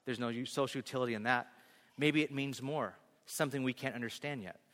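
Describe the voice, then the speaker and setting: A man reading as a soft-spoken female scientist. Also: medium pitch, fairly quick, close to an everyday voice. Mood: earnest. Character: earnest female scientist, softly pleading. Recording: long hall reverb.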